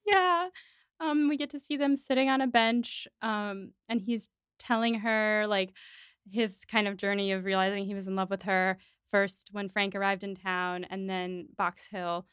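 Podcast host lady, super smooth clear voice, dry close sound, acts out the lines as she recaps. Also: mid-range voice, unhurried, dry recording. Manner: animated, quotes characters' lines in recap. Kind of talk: casual chat.

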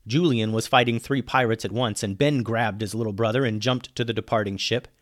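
A man reading a children's pirate adventure story aloud, lively and dropping low on the speech tags. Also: brisk.

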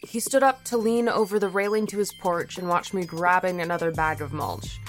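A woman's voice: fairly low pitch, fairly quick, few pauses, faint music behind. A young woman from Florida narrating a first-person story in a wry, conversational way. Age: young adult.

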